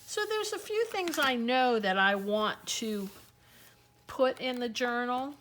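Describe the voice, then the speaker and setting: A woman's voice: fairly high pitch, animated, slow, fairly bright tone, a little hiss or hum. A woman hosting a casual crafting tutorial, chatting and thinking aloud as she talks through each step.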